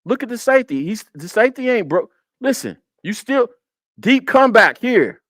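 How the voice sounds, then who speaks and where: A man's voice: extremely high pitch, very animated, moderate pace, fairly bright tone, no echo. Emphatic man breaking down game film. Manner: emphatic, repeats points, talks to chat. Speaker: football film breakdown host. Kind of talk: casual live-stream game analysis.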